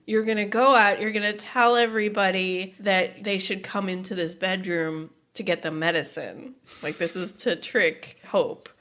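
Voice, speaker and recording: A woman's voice: mid-range voice, steady tone, normal speed, few pauses, fairly bright tone. Woman, podcast co-host, casual chat, puzzled and amused.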